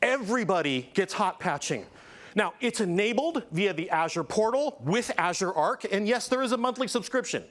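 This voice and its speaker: A man delivering a conference tech talk with a showman's energy. His voice sits high and leaps widely in pitch. He swings from hyped build-ups back to plain explanation. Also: lively intonation, moderate pace, hardly any pauses, a bit bright. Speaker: conference presenter. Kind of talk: keynote-style tech presentation.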